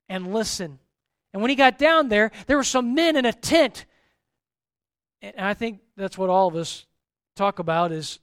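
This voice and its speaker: High-voiced preaching man, animated. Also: moderate pace, long pauses, clear, resonant tone, no room sound, clean studio sound. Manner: animated preaching, acts out the Bible figures' lines. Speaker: pastor. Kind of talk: sermon.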